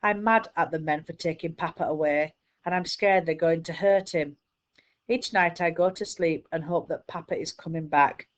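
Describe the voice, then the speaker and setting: Woman, teacher, children's story read-aloud, steady, lowish voice. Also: normal speed. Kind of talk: reading a children's book aloud.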